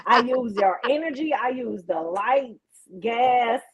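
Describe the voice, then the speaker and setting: A woman's voice: fairly high pitch, lively intonation, slow pace, a crowd in the background. A woman co-hosting a casual chat, talking bluntly and swearing freely. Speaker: podcast co-host. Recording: muffled lo-fi sound.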